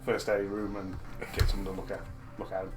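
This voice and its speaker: A man's voice: low-pitched, monotone, brisk, music in the background. A man playing a tabletop game, talking casually and a little hesitantly. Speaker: player.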